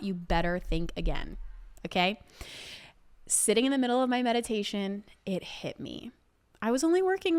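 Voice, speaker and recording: A young adult woman hosting a solo podcast, telling a story in a casual way, swearing and saying "like" and "literally" often. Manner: animated, acts out quoted people with big pitch jumps. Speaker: podcast host.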